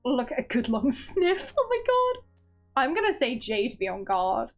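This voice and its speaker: A woman's voice: high voice, unhurried, faint music behind. Giggly young woman streamer. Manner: giggly, excitable, gushing. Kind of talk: live game stream, reading dialogue aloud.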